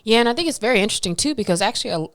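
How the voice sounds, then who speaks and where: A woman's voice: fairly high pitch, animated, very fast, no echo. A woman co-hosting a podcast in casual chat, laid-back and slangy, rambling along with fillers. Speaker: podcast co-host.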